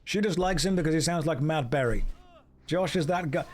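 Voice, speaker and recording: A man streams a game and chats casually. He jokes dryly and answers his chat, his voice sitting a touch high. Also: a little fast. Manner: dry, joking, answers chat. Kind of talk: casual chat while gaming.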